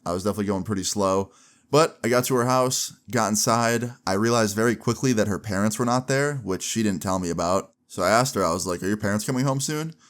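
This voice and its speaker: A man's voice: fairly low pitch, fast talker, a bit bright. A young man telling a personal story in a casual, slangy way for a vlog. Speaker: vlogger.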